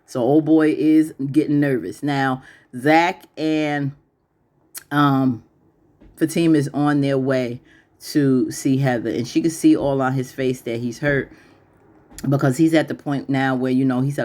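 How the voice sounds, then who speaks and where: A woman with a fairly low voice talks through a TV episode in a loose, chatty recap. She is opinionated, laughs often, and jumps her voice up when she mimics the characters. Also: normal speed, darkish tone. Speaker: YouTube TV recap host.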